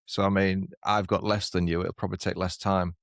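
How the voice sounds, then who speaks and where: A man with a lowish voice chats easily as a podcast co-host and often breaks into laughter at his own jokes. The sound is dry and close, with no room around it. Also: little pitch movement, fairly quick, vocal fry, no echo. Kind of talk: casual chat. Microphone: lapel mic on walks, studio mic here.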